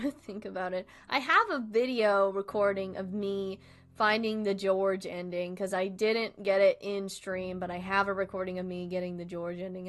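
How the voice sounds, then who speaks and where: A young woman streaming and chatting casually, rambling from thought to thought, laughing often and swearing freely. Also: mid-range voice.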